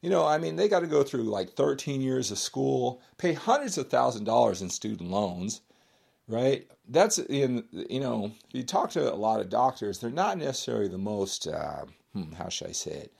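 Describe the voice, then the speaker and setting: A man with a gravelly voice at a middle pitch speaks in a casual monologue. He rambles and restarts his thoughts often, with many fillers along the way. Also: sing-song, normal speed, a little mellow. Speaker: author and former bodybuilder.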